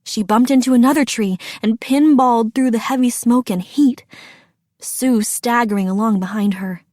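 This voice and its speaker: A woman narrating a children's storybook with a steady, deliberate reading. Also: a little high, dry recording, studio quality.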